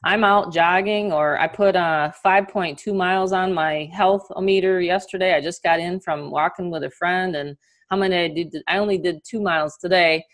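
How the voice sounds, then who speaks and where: A middle-aged woman with a New York accent who runs a live webinar from a video call. Her voice sits a little low, and she talks with plenty of energy, chatting freely and laughing as she walks her listeners through a training. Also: fairly even intonation, normal speed. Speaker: online business coach.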